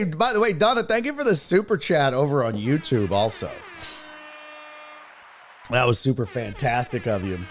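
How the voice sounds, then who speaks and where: A man with a medium-pitched voice hosts a laid-back sports live stream, reading out viewer comments. He rants in exasperated, profane bursts that sometimes turn into yelling.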